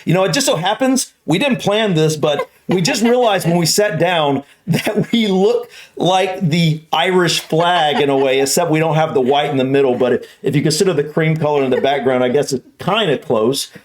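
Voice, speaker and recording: A man hosting a casual reaction chat, animated and playfully trying out sounds. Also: fairly high pitch, normal speed, hardly any pauses. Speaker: reaction channel host.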